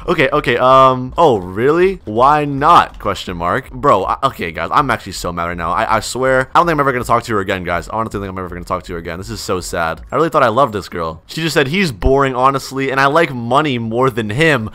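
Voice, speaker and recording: A young man giving gameplay commentary, his voice bright and forceful. He talks excitably, reads chat aloud and bursts into loud reactions. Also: mid-range voice, quick pace, few pauses. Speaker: gaming YouTuber.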